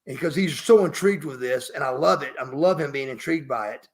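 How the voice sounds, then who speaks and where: Speaking fairly quickly at medium pitch, a middle-aged man shares a story as a podcast guest. The interview is all storytelling, and he's emphatic and profane, even referring to himself by his own name.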